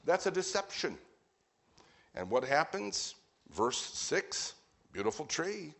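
Man preaching a brisk, emphatic sermon. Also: on the high side, sing-song, creaky, a bit bright.

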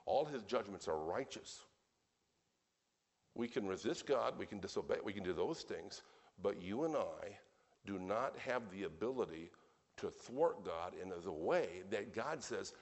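Deep-voiced man preaching a sermon. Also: animated, measured pace. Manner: earnest, emphatic preaching with sudden swells in loudness.

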